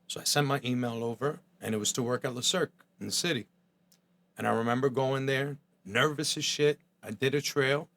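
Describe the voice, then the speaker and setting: A man's voice: mid-range voice, brisk, a bit bright. Blunt streetwise man telling stories. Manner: blunt, streetwise, acts out quoted voices. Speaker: podcast guest, chef. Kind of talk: candid storytelling with profanity.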